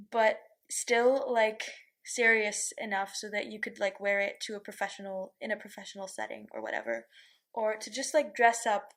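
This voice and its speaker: A woman chatting about her knitting, gushing and talking quickly in an excited way. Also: fairly high pitch. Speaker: knitting podcaster. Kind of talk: casual chat.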